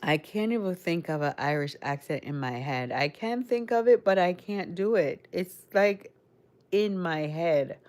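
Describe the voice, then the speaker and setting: Slow, low-voiced Caribbean-American woman. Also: animated, a little mellow. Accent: Caribbean mixed with American. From Caribbean, raised in Connecticut. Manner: chatty, rambling, addresses chat directly. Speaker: livestream host. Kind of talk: casual live-stream chat with viewers.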